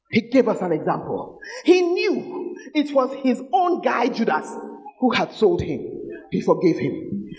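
High-pitched, lively male preacher. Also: long reverb tail, poor audio. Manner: swings from shouting to low intense delivery. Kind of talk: sermon.

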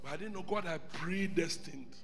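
A middle-aged man from Ghana, preaching a sermon as a bishop, emphatic and repetitive, moving between loud exclamations and quiet asides. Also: fairly high pitch, normal speed. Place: church service hall. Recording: long reverb of a large hall, faint music.

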